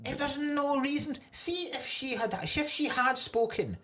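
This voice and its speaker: A man co-hosting a comedy podcast, ranting in an animated way and swearing freely. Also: extremely high pitch, measured pace. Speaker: podcast co-host. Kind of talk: casual comedic chat.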